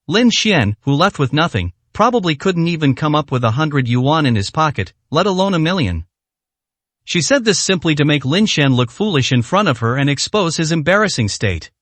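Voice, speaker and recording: A man narrating a dramatic story in a scripted, expressive reading. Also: a little high, no echo.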